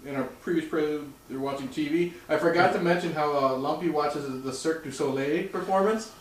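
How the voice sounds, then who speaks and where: A man's voice: fairly high pitch, fairly quick. Man, casual podcast co-host, laughs often, asks questions, distant mic. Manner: laughs a lot, prompts with questions. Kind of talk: casual chat. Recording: roomy, off-mic sound.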